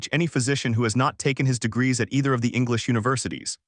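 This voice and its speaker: A man's voice: mid-range voice, steady tone, racing, no room sound, studio quality, natural voice. A man voicing an irate, snobbish male English physician, blustering and indignant.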